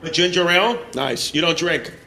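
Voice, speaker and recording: In a live room full of crowd laughter and noise, a stand-up comedian does brash, teasing crowd work with the audience. His voice is on the high side, with vocal fry and a moderate pace.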